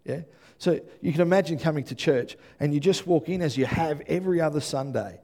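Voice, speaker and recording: An earnest male preacher delivers a sermon in a mellow, dark-toned voice. He stumbles over and repeats words, then climbs to loud, emphatic peaks. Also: on the high side, fairly quick.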